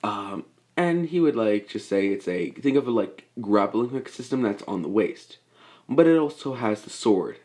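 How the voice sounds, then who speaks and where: Young guy rambling thru a made-up fan story, lowish voice, tons of fillers. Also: expressive, moderate pace, a little mellow. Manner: rambling, full of fillers and restarts. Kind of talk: improvised fan-fiction narration.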